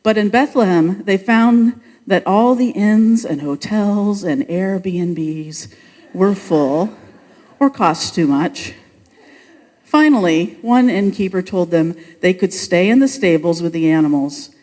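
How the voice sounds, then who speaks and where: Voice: mid-range voice, takes it slowly, darkish tone, in a large hall. A leader narrating and directing an unrehearsed church pageant, coaxing the congregation along. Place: church sanctuary.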